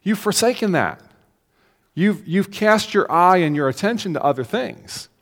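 A man preaches in a casual, conversational way, his slightly high voice rising and falling a lot as he poses questions and acts out little quotes. His voice rings out with a long reverb, as if filling a church sanctuary. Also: animated, moderate pace, fairly bright tone. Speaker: pastor. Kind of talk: sermon.

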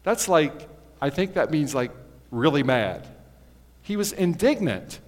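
A man giving a sermon, conversational and plain-spoken, reading and explaining scripture with occasional forceful bursts. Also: a little high, animated, moderate pace. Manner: conversational, rising to forceful bursts when quoting. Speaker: pastor. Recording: long hall reverb.

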